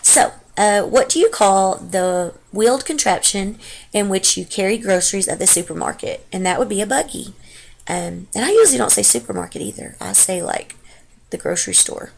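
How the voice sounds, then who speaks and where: A woman's voice: mid-range voice, gravelly. A Texan woman in her thirties, chatting casually through a dialect quiz, rambling and unsure with lots of ums and trailing asides. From Texas. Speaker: vlogger. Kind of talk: casual dialect-tag chat.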